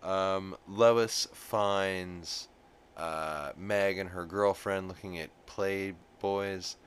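A man with a very deep voice rambles through an episode recap, swearing freely and filling pauses with ums and you-knows. A light hiss sits under the recording. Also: steady tone. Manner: rambling, profane, full of fillers. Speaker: podcast host recapping an episode. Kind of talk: casual recap chat.

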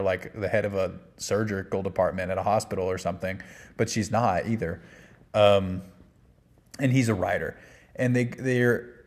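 A man's voice: lowish voice, a little mellow. A man giving a casual, rambling spoken movie review, full of fillers and restarts. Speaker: film reviewer.

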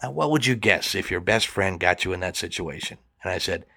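A man's voice: deep voice, expressive, a little fast, creaky, bright, forceful tone, no room sound, studio quality. A man telling a personal story in conversation, acting out both sides of the dialogue.

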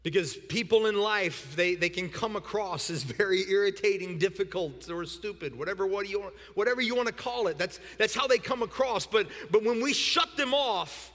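Bright-voiced guy preaching, kinda high, big reverby hall, gets loud and repeats himself. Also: normal speed, hardly any pauses. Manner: animated, repeats words, shouts for emphasis. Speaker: pastor. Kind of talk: sermon.

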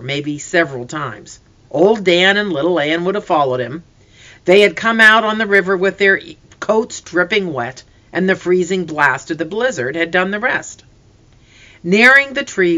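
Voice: medium pitch, muffled recording. A storybook narrator reading aloud expressively, acting out the characters' lines as well. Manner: expressive, reads characters' voices.

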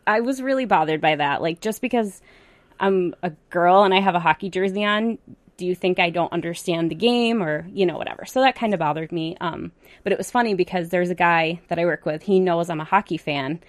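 A woman's voice: on the low side, a little fast, no room sound. A woman in casual chat, rambling with lots of fillers.

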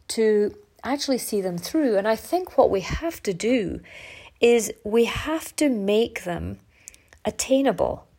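A middle-aged woman hosts a podcast in a candid, chatty monologue, her voice audibly stuffy and congested. Her pitch sits in an ordinary middle range, but it often leaps upward as she makes a point. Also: a little mellow. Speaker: podcast host. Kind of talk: casual reflective monologue.

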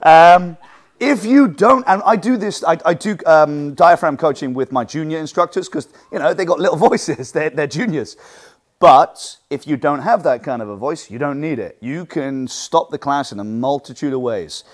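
Speaking at a moderate pace in a voice on the high side, a martial arts teacher coaches other instructors in a lively talk. He projects loudly from the diaphragm and acts out the things students say.

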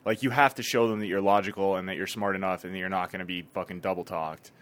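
A man chiming into a casual chat with blunt, practical advice. His voice sits lowish, and he talks quickly. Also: fairly even intonation, a bit bright. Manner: blunt, giving matter-of-fact advice.

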